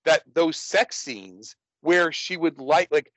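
A man's voice: fairly high pitch, slow pace, a bit bright, no room sound, rough recording. A man talking casually about horror films, rambling with many restarts. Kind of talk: casual movie discussion.

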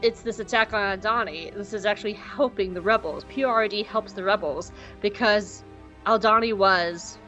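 A cold, ambitious officer speaks in flat, clipped lines, as a woman puts her on. Her tone is bright and tight. The podcast audio is slightly dull. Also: medium pitch, normal speed, soft background music, close to an everyday voice.

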